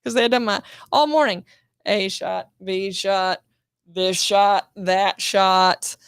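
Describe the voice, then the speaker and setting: A woman's voice: mid-range voice, fairly even intonation, takes it slowly, smooth, no echo, studio quality. A woman guest on a casual interview show, telling a story and acting out quotes, swearing freely. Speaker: guest actress.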